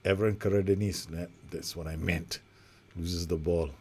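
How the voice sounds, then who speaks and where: Brief: male gaming host, lowish voice, chatty and self-deprecating, calls every pass in a sim match. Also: fairly even intonation, moderate pace, husky. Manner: rambling, self-mocking, narrates passes play by play. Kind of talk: casual live commentary over a football management game.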